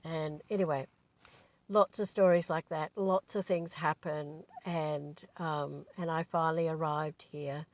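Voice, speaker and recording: A woman's voice: low-pitched, fairly even intonation, a little slow. A woman, a spiritual teacher, talking in a chatty, digressive way, full of asides. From Australia. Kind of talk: casual rambling monologue.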